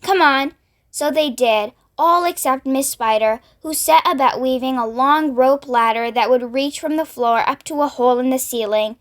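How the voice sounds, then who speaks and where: A woman reading a children's book aloud in a steady, expressive narration. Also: sits high, moderate pace, few pauses. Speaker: storyteller.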